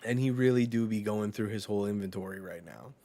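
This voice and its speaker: A man's voice: lowish voice, fast, mellow. A man streaming a live reaction while reading a manga chapter, casual and profane, reading the characters' lines aloud.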